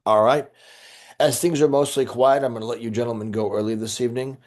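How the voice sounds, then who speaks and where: A middle-aged priest who teaches church history speaks in a mid-range, slightly mellow voice, steady in tone and a little quick. He's giving an informal lecture, answering questions and rambling with lots of fillers and restarts.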